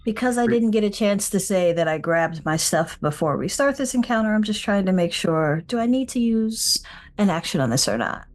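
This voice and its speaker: A woman's voice: mid-range voice, lively intonation, moderate pace. Woman player puzzling over game rules. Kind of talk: casual chat over a tabletop game.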